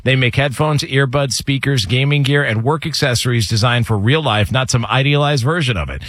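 A man hosting a sports radio show, moving from laughing banter into a smooth sponsor read. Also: mid-range voice, a little fast, fairly bright tone, dry recording. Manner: upbeat, laughs often, smooth promo reads.

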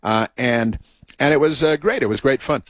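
A man's voice: mid-range voice, moderate pace, dry recording. Rambling man hosting a talk show. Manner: meandering, full of restarts and asides. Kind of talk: rambling storytelling and political commentary.

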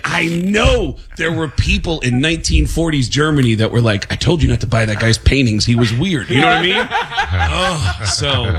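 A man, a comedian guest, telling a comic story on a radio show and building up to shouted punchlines. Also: medium pitch, slight background noise.

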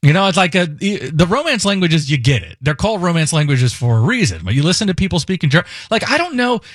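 Animated radio host, dry studio sound. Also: male voice, on the high side, quick pace, dry recording. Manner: rambling, self-correcting, jokey. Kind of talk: casual talk radio chat. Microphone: studio microphone.

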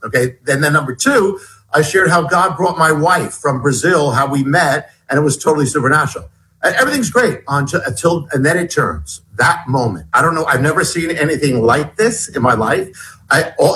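A middle-aged man with a fairly high voice tells his story in an animated, halting way. He breaks off and restarts his sentences as he goes. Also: rough recording. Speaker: guest author. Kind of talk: storytelling in an interview.

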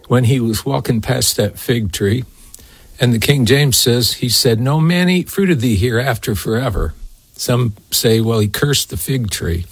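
A man's voice: mid-range voice, no room sound. Folksy, emphatic male preacher. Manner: folksy, emphatic, talks to co-host by name. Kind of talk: sermon.

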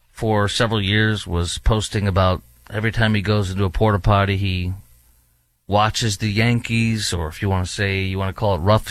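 A man's voice: on the low side, no echo. A man hosting his own talk show, delivering a heated, emphatic opinion monologue with many fillers. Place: studio in a large US city.

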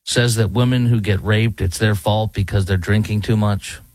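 A man's voice: fairly low pitch, fairly even intonation, moderate pace, a little mellow, no echo. A man, hosting talk radio and giving indignant, rambling commentary. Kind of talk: opinionated commentary. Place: studio in Dallas.

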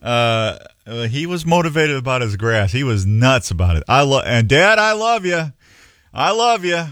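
A man's voice: mid-range voice, sing-song, moderate pace, fairly bright tone, dry recording, clean studio sound. A middle-aged man hosting a show in a rambling, folksy, self-mocking way. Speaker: radio show host. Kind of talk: casual on-air chat.

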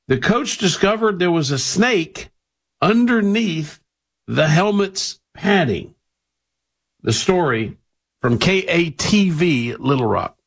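A man's voice: a little high, sing-song, takes it slowly, husky. A man presenting a news story, reading it dryly with his own asides.

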